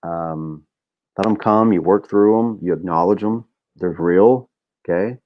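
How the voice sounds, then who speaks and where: A man's voice: sits low, measured pace, dull audio, a little hiss or hum. A middle-aged man hosting a podcast, talking in a candid, rambling way with lots of fillers and swearing. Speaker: podcast host. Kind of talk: casual monologue.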